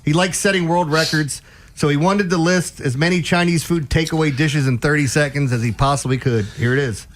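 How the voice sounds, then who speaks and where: A man's voice: on the high side, fairly even intonation, a little fast. A man hosting a sports talk radio show, riffing casually and laughing often.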